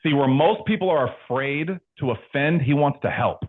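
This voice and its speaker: Young man from California coaching insurance agents, animated, slangy, thin lo-fi sound. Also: fairly high pitch, moderate pace. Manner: animated storyteller, slangy, laughs a lot. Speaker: insurance sales trainer. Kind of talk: motivational team talk. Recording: tinny phone-like sound.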